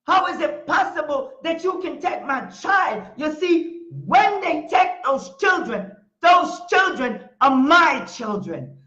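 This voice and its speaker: Her high, bright, forceful voice drives a fiery, declarative preaching monologue on the talk show she hosts, with phrases repeated for emphasis. She is middle-aged, and the audio is dull and lo-fi with room echo.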